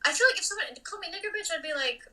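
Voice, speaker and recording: A woman comedian chatting casually as a podcast guest, blunt and animated, swinging between loud remarks and muttered asides. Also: very high voice, racing, recorded from a distance, rough recording.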